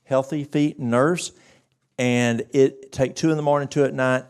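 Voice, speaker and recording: A man presenting a church health workshop, telling a story with animated acted-out dialogue. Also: medium pitch, moderate pace, smooth.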